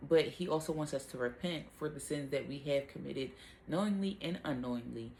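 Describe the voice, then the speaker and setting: A woman's voice: sits low, a little fast, a little mellow, slight background noise. A young adult woman hosts a casual devotional talk, conversational with fillers and self-corrections. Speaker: host of a Bible talk.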